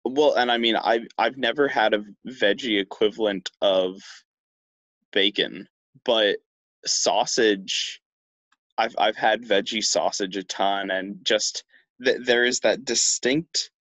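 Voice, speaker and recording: A young man co-hosting a podcast in casual chat, talking in a slow, halting way with many restarts. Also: on the low side, fairly even intonation, a bit bright, no room sound. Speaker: podcast co-host.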